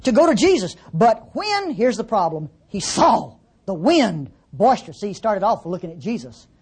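A woman's voice: medium pitch, big pitch swings, normal speed, darkish tone, husky. A woman preaching a sermon in a conversational, teasing way, full of rhetorical questions.

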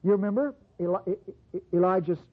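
A preacher delivering a sermon, talking straight to the congregation and swinging from low, close asides to sudden high bursts. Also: fast talker, slightly rough. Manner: addresses the congregation directly with call-outs. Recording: tinny lo-fi sermon recording.

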